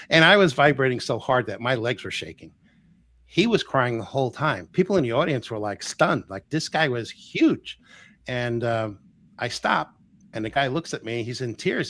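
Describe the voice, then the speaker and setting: A man guest in an interview, telling stories in a lively way, acting out the dialogue and laughing often. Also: mid-range voice. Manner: animated storyteller who acts out dialogue and laughs often. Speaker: energy healer guest. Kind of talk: storytelling interview.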